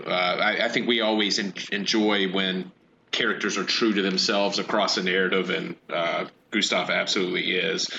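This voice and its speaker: A man's voice: fairly low pitch, pushed and bright, dull audio, slight background noise. A man discussing a film on a podcast in a thoughtful way, with hesitant restarts. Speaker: podcast co-host.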